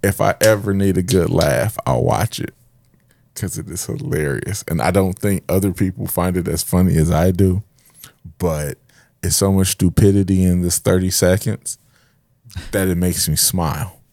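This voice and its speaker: A man on a casual podcast who tells funny stories and keeps breaking into laughter while acting out other people's lines. He says he is high. His voice sits low, and the room sounds dry and close. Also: steady tone, normal speed, creaky, a little mellow, no room sound. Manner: laughs a lot, acts out quotes in funny voices. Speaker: podcast co-host. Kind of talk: casual chat.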